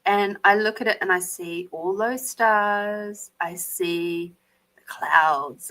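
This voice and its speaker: An Australian woman hosting a live card reading, animated, swearing freely and laughing often. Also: on the low side, slow pace, poor audio. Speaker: intuitive card reader, podcast host.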